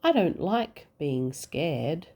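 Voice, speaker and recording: A woman voicing a big, clumsy, apologetic male dragon in a bedtime storybook, talking loudly and pleading. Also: deep voice, very animated, very slow, heavily acted. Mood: earnest.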